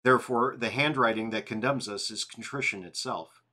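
A tired man reading a church confession aloud in an evening devotional, steady and plain. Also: mid-range voice, normal speed. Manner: reads steadily, apologizes and laughs at slips. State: yawning, tired.

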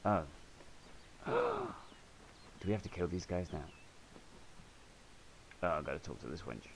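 Talking a little slowly in a low voice with vocal fry and huge pitch swings, this gamer swears and jokes through a let's play, over a slight hiss or hum.

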